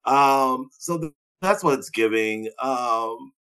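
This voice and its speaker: A man in casual podcast chat, blunt and sweary, with sarcastic asides and frequent laughter. His voice sits at an ordinary middle pitch, and he rants freely rather than reading a script. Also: takes it slowly, pushed and bright, clean tone. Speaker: podcast co-host.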